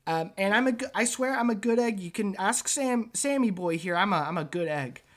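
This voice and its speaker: A man voicing a small, cheerful rat-man inventor who squeaks between words. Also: animated, a little fast. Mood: eager.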